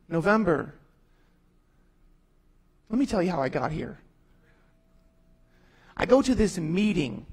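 A man's voice: high voice, husky, low-quality recording. A man in his thirties, a pastor, giving an emphatic storytelling testimony sermon, acting out his own words and other people's. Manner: storytelling, quoting himself and others in voices; emphatic, rising to near-shouts.

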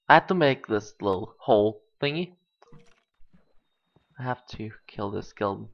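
A gaming channel host narrates a let's play at a measured pace with long pauses, his voice mid-range. He thinks aloud and breaks into excited exclamations, captured on a dull lo-fi home mic.

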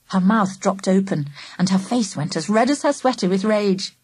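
A woman narrating a children's story aloud in a lively, animated first-person voice. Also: medium pitch, normal speed, hardly any pauses, husky, no echo. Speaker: audiobook narrator.

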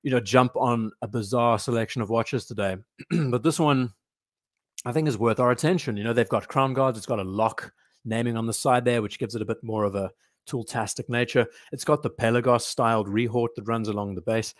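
A man's voice: medium pitch, steady tone, a little fast, no echo. A man hosts a casual livestream about watches, rambling and thinking aloud as he goes. He reads out and answers chat comments between his own remarks. His voice is recorded close and dry, with no room sound around it. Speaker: watch channel host.

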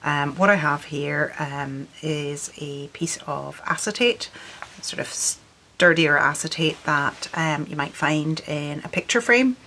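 A middle-aged woman from Scotland, her accent softened by Northern Ireland, leading a friendly art workshop video and explaining things with frequent ums. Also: deep voice, slow, a little hiss or hum, rough recording. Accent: Scottish with a Northern Irish lilt.

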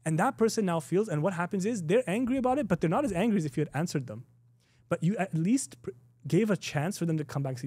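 Middle-aged male teacher, relaxed and conversational, slightly high and warm, dry close sound. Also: quick pace, husky, dry recording. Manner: conversational, laughs often, many restarts and "you know"; acts out quoted exchanges in a raised voice. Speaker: Islamic teacher. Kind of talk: informal recorded class.

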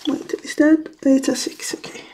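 A woman's voice: high-pitched, flat delivery, normal speed, dark tone. A woman chatting casually while crafting at home, sniffling from a runny nose and often apologizing. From Sweden. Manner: chatty, apologetic, easily sidetracked. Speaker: vlogger. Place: at home, indoors.

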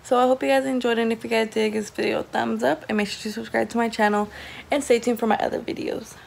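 High, gravelly young woman vlogging. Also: steady tone, fast talker, a little hiss or hum. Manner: chatty, fills speech with "like". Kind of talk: casual vlog chat.

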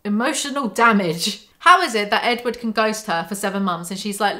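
Woman, mid-pitched voice, sardonic book commentary, reads passages then snarks at them. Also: moderate pace, hardly any pauses, sharp tone. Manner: sarcastic, dry running commentary. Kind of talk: reading aloud and commenting on a novel.

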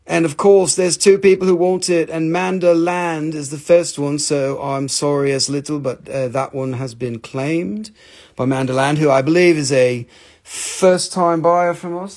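An American man hosting a live sales stream, talking in an excitable, rambling way with casual swearing. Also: fairly high pitch. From United States.

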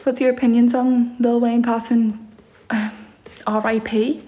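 A young woman chats live with her viewers, answering their comments with sarcastic, teasing replies. She talks slowly, in a slightly high voice, and laughs often. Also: little pitch movement, noisy background. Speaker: live streamer reading comments. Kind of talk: casual live-stream chat.

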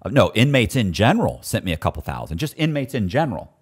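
His voice is lowish and husky, his pace quick. As a storyteller guest, this man tells prison stories casually and animatedly, acting out each quoted voice.

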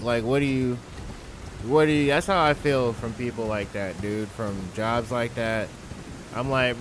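A man's voice: mid-range voice, fairly bright tone, a little hiss or hum. A young man talks over his gameplay in a loose, rambling rant, his mid-range voice growing heated as he swears freely. He sounds like a gaming video creator venting to his viewers. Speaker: gaming YouTuber. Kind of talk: casual ranting commentary over gameplay.

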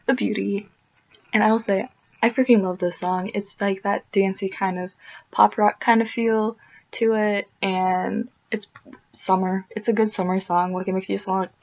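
A woman hosting a casual music video reaction vlog, gushing and excitable as she talks as a fan. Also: mid-range voice, creaky, muffled recording.

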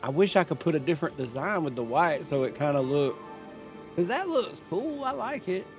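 A man's voice: a little high, sing-song, normal speed, music in the background. A man giving casual commentary while playing a video game, chatty and thinking aloud as he makes up his mind. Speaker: gaming streamer.

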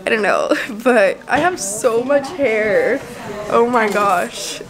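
A woman's voice: a little high, lively intonation, slow, music in the background. A young woman, chatting casually to camera in a bubbly, giggly way. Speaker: vlogger. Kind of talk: casual vlog chat.

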